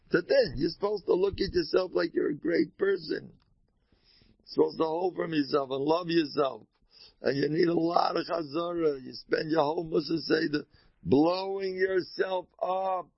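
A man giving an informal Torah talk as a rabbi, animated, moving between soft asides and loud exclamations. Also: on the high side, moderate pace, vocal fry, slightly rough, no echo, dull audio.

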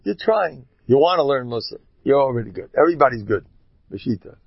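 A man giving a sermon, telling stories in a rambling, animated way. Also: mid-range voice, brisk, creaky, no echo. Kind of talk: sermon with storytelling. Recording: dull lo-fi dry recording.

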